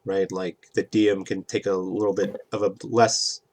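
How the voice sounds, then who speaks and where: A man's voice: low voice, little pitch movement, moderate pace, darkish tone. A man explaining the rules of a tabletop game in a rambling, casual way, often checking in with "right?". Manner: rambling, keeps asking "right?".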